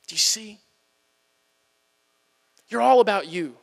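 High-voiced, joking preacher in an echoing church. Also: male voice, slow pace, creaky. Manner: animated, joking and self-deprecating. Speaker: pastor. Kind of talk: humorous sermon.

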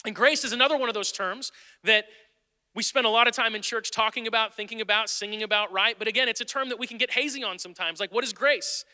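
A man's voice: high voice, fast, pushed and bright, long reverb tail. A male pastor preaching a sermon in a church, in an earnest, conversational way that repeats phrases for emphasis. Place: church sanctuary.

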